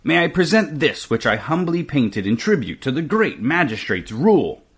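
A man voicing a wise older master painter in a read-aloud storybook, speaking quietly and in a measured way. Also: a little high, very animated, husky, pitched above the performer's own voice, full character voice.

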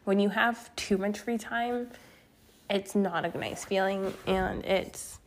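Young woman, gravelly low edges, candid chatty vlog rambling, noisy backdrop. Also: slow. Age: young adult. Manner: candid, swearing, laughs at herself. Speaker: vlogger. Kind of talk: casual rambling monologue.

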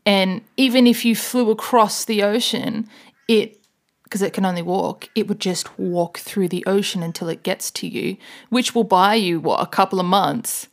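A woman's voice: mid-range voice, moderate pace. Rambling woman telling a story. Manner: rambling storyteller, laughs often. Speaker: podcast co-host. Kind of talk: casual chat.

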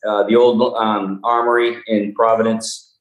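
A man with a Boston accent, a film set artist talking as a guest in a casual interview, halting and joking with many ums and restarts. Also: lowish voice, level tone. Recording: roomy echo.

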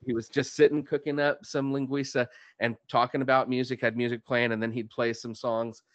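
Man telling animated stories. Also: mid-range voice, a little fast, dry recording, dull audio. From Dallas, Texas. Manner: animated storyteller, acts out quotes. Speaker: podcast host. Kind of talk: casual chat, storytelling.

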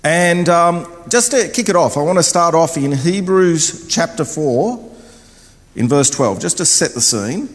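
An older man preaching a sermon in a church, loud and chatty, wandering about as he talks. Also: fairly high pitch, expressive, unhurried. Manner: loud, chatty, wanders around while talking. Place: church hall. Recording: long hall reverb.

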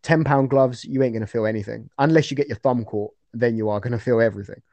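A man's voice: medium pitch, fast talker, darkish tone, dry recording. A young man talking casually as an interview guest about his fights, rambling with fillers and restarts.

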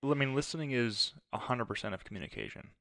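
A man's voice: medium pitch, expressive, quick pace, pushed and bright, no echo, studio quality. A young man co-hosting a podcast with his wife, easygoing and thinking aloud with fillers. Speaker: podcast co-host. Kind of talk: casual chat. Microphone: close studio mic.

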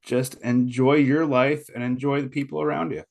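A man's voice: medium pitch, flat delivery, normal speed, creaky, darkish tone. A man co-hosting a podcast, chatting casually in short, plain sayings. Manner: easygoing, speaks in short plain maxims. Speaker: podcast co-host. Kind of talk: casual chat.

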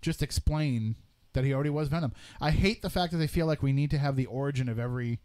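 A man's voice: medium pitch, fast, a little mellow. An opinionated man chatting on a podcast with friends. He gives blunt, wry takes and tells jokes with relish. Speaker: podcast co-host. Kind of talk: casual chat.

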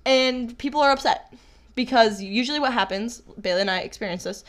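A woman's voice: a little high, brisk. Bubbly, giggly young woman co-host. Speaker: podcast co-host. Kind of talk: casual chat.

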